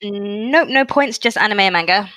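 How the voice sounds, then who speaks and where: A Scottish woman talking through details in casual podcast chat, laughing now and then. Her voice is bright and clear, recorded dry and close to the mic. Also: mid-range voice, normal speed, dry recording. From Scotland. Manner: chatty, explains details, laughs often. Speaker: podcast co-host.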